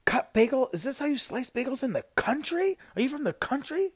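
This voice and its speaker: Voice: sits high, sing-song, brisk, slightly rough, pitched above the performer's own voice, exaggerated voice. A podcaster voicing an irate middle-aged woman customer from New York, ranting indignantly.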